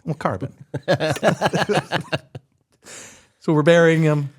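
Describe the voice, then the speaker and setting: A man hosting a podcast, chatting casually about a film, animated and quick to laugh. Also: a little high. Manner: animated, laughs often, jokey asides. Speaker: podcast host. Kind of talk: casual chat reviewing a film.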